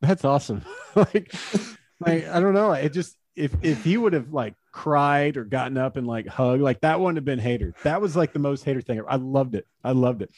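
A man's voice: mid-range voice, normal speed, a little mellow, no echo, studio quality. Chatty laughing man telling stories. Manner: chatty, laughs often, many fillers. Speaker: guest, former pro baseball pitcher. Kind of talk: casual storytelling in an interview.

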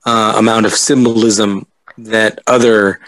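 Excited lower-voiced man, dry sound. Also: measured pace, no echo, rough recording. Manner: excited, stumbling. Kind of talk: casual group chat.

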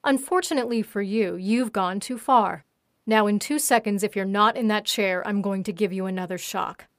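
A woman reading the part of a scornful, domineering young woman in a storybook, sharp and mocking, in a dry recording. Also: mid-range voice, moderate pace, dry recording, close to an everyday voice.

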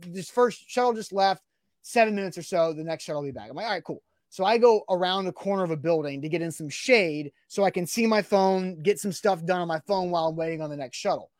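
A man hosting a sports radio morning show, telling a story in lively casual chat and acting out what people said. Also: high-pitched, dry recording, clean studio sound. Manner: animated storyteller, acting out quotes.

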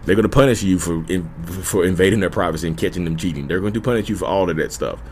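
A man talks straight to his audience in a casual, heartfelt way, repeating his points and calling everyone y'all. His voice sits on the lower side. A faint hum of room ambience runs underneath. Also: very fast, darkish tone. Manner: earnest, repetitive, addresses listeners as y'all. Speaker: YouTube host. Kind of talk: casual direct-to-camera advice talk.

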